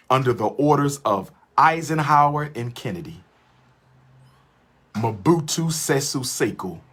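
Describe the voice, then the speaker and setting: Husky man preaching on a livestream. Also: mid-range voice. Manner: preacher-like, repeats lines for emphasis. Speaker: livestream host. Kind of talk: impassioned livestream lecture.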